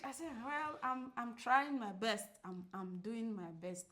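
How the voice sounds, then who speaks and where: A woman's voice: measured pace, hardly any pauses. A woman co-hosting a podcast who tells a story in casual chat, acting out the quoted lines and laughing often. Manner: animated, acts out quoted dialogue with big pitch jumps; laughs often while telling. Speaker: podcast co-host.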